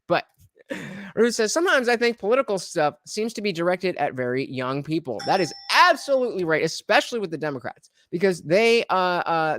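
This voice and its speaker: A man's voice: high-pitched, fairly bright tone, no echo, studio quality. A man hosting a livestream reaction, talking in a rambling casual way with many fillers and restarts.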